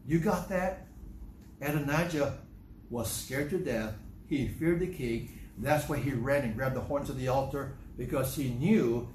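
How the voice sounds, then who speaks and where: A man's voice: mid-range voice, a little slow, a little mellow, roomy sound, slight background noise. A man preaching a sermon, driving his point with emphatic rhetorical questions.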